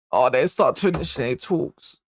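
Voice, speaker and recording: A man vents on a live fan stream, swearing and slinging street slang as his frustration boils over into frantic, high-pitched rants. His voice sits at a middling pitch, and the sound is close and dry, with no room echo behind it. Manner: exasperated, slangy, swearing, rising to frantic outbursts. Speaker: football channel host. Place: indoor room.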